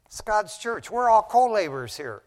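Middle-aged male pastor, folksy and animated, slightly high voice, church reverb. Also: normal speed. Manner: folksy, animated storytelling preacher, says "man" often. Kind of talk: conversational sermon. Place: church sanctuary. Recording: long reverb of a large church hall.

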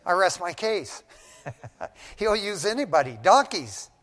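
A middle-aged man, a pastor, giving a casual, animated sermon full of stories, often saying "man". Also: high-pitched, slow. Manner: folksy, animated storytelling preacher, says "man" often. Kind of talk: conversational sermon. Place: church sanctuary. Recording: long reverb of a large church hall.

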